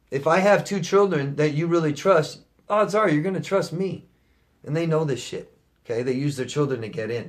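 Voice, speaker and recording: A man working as a life coach, answering viewer questions in a Q&A monologue. He talks bluntly, swears often and repeats his points for emphasis. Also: medium pitch. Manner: blunt and profane, emphatic repetition; reads out viewer questions, then answers them.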